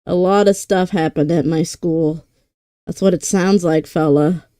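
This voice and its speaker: A young woman streamer chatting casually with drawn-out, slangy remarks. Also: on the low side, fairly even intonation, warm tone, dry recording, clean studio sound.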